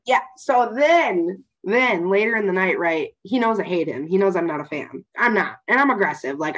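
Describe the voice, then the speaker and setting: Animated young woman telling a bar story. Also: medium pitch, normal speed, few pauses, poor audio. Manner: animated, swearing, laughing through a story. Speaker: podcast co-host. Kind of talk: casual storytelling chat.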